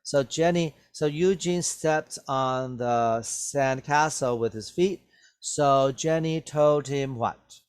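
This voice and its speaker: A man teaching an English vocabulary lesson at a very slow, unhurried pace. His voice sits at an ordinary middle pitch, and he keeps stopping to ask "right?" and "okay?" so that each point lands before he moves on. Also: clear, resonant tone. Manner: slow, patient, checks understanding with "right?" and "okay?".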